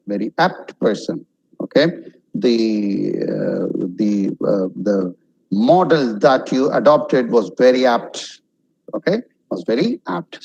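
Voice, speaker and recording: Slow, husky-voiced male language trainer. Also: mid-range voice, a little mellow, low-quality recording. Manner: slow, drills single words for repetition. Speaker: English pronunciation and vocabulary trainer. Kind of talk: online webinar lesson.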